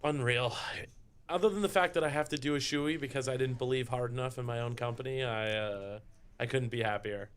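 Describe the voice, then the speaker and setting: A man's voice: mid-range voice, brisk, clear, resonant tone. A man with a New York accent co-commentating a live poker stream, playful and self-mocking, speaking very close to his mic.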